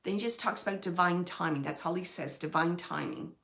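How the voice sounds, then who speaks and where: A woman working as a medium, relaying messages in a soft, halting way that sometimes drops to a whisper. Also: fairly low pitch, vocal fry. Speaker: medium giving readings. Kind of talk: live mediumship reading.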